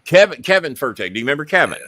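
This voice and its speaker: A man's voice: fairly high pitch, big pitch swings, rapid-fire, pushed and bright, slight background noise. A middle-aged man hosting a talk show, telling a long story and acting out the quotes in it.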